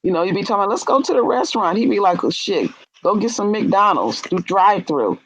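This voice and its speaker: A woman, chatting casually on a live stream, animated and blunt, acting out quotes with big jumps in pitch. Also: fast talker, slightly rough, no echo, rough recording. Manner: blunt and profane. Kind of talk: casual chat.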